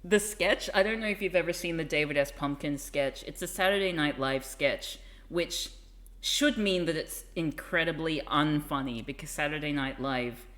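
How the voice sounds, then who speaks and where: A woman's voice: sits low, a bit bright. A woman streamer chatting casually and rambling with asides. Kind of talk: casual live-stream chat.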